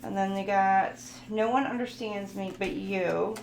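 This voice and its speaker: A woman's voice: mid-range voice, fairly even intonation, unhurried, vocal fry, darkish tone. A woman giving a casual, playful tarot reading, sometimes goofy, reading card messages aloud to her viewers. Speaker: tarot reader. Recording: roomy echo, faint background noise.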